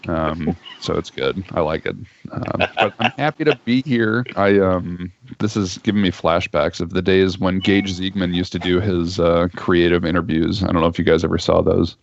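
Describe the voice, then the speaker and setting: A young man talking casually as a guest over a video call, relaxed and joking, with plenty of ums and pauses. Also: sits low, creaky, slight background noise. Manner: laid-back, joking, hesitant with fillers. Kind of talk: casual chat. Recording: muffled video call audio.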